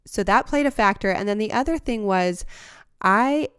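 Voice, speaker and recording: A woman hosting a podcast who talks in an earnest, heartfelt, reflective monologue and sometimes laughs softly or restarts a phrase. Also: mid-range voice, animated, normal speed, clear, resonant tone, no room sound, clean studio sound. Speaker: podcast host.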